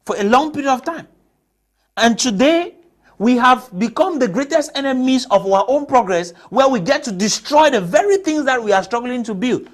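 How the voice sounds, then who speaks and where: A man's voice: high voice, fairly bright tone. A man from Cameroon, speaking as a panelist on a TV discussion and pressing his case with rhetorical questions. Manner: emphatic, argues with rhetorical questions. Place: TV studio.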